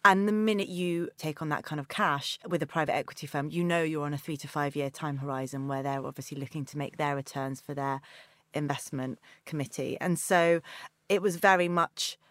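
A woman's voice: sits low, fairly even intonation, fairly quick, dry recording. A woman founder answering interview questions in a candid, chatty way, with frequent "you know" and "kind of" fillers. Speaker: company founder, interview guest.

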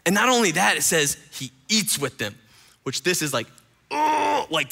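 A man's voice: on the high side, pushed and bright. A man preaching a sermon in a conversational way, often repeating words and talking straight to his listeners. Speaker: pastor.

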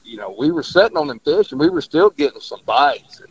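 A man's voice: a little high, sing-song, a little fast, husky, dry recording. A man, a fishing guide rambling through stories in casual radio chat and laughing often. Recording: dull lo-fi radio audio.

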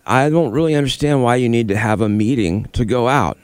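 A man's voice: medium pitch, brisk, clean tone, no room sound. A man co-hosting a morning radio show, running the segment as the dry, skeptical straight man.

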